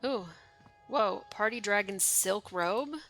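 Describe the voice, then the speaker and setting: A woman's voice: medium pitch, slow pace, fairly bright tone, faint music behind. A young woman streaming a game, chatting wryly and reading its dialogue aloud. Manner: chatty, wry, reads game text aloud.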